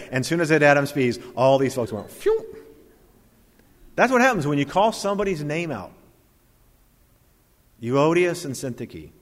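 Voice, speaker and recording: A man preaching a sermon as pastor, animated and jokey with quoted asides. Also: medium pitch. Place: church. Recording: long hall reverb.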